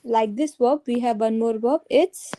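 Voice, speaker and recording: A woman's voice: a little high, a little slow, mellow, a little hiss or hum, poor audio. A woman teaching a French grammar lesson to a student, patiently repeating each conjugation aloud.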